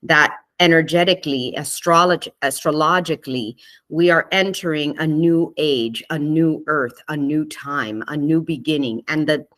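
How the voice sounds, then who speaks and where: A woman giving a spiritual talk to a live online group, gentle and conversational, often checking in with her listeners and laughing easily. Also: deep voice, moderate pace. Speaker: spiritual teacher hosting a live online session.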